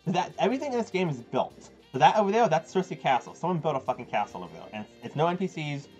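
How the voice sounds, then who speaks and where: Excitable young man streaming games. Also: on the high side, quick pace. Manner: rambling, excitable, laughs often, talks to chat. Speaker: game streamer. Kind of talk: casual live-stream chat. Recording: dull lo-fi stream audio with game music. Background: game music.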